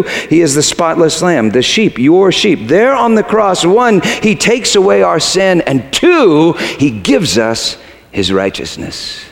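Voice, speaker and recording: Man preaching with sweeping pitch. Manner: dramatic swings from hushed to shouting; halting restarts when moved. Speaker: pastor. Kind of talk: sermon. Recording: long hall reverb.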